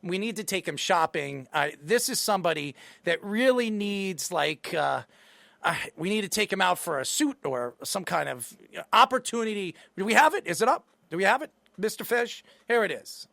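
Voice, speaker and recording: A man hosting a sports talk show in a high voice that jumps all over the place. His tone is gravelly and his banter teasing. The sound is close and dry, with no room around it. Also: animated, normal speed, bright, forceful tone, dry recording. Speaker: show host. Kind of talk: casual sports talk interview.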